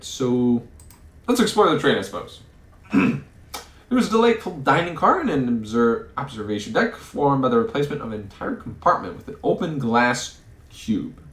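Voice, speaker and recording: A let's play host with a medium-pitched, fairly bright voice plays a story game in an echoey room. He reads the game's text aloud and muses over his choices, often stumbling over words.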